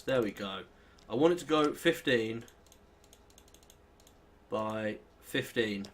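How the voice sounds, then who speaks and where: Rambling British lad narrating gameplay. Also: male voice, mid-range voice, slight background noise. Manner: rambling, self-deprecating, thinks aloud while playing. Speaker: let's play host. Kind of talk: casual gameplay commentary.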